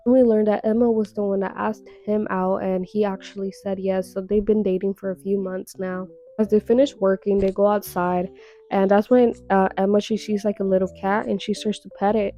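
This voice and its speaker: A woman's voice: medium pitch, mellow, lo-fi sound. A young woman casually recapping a webtoon, chatty and full of fillers with dramatic little reactions.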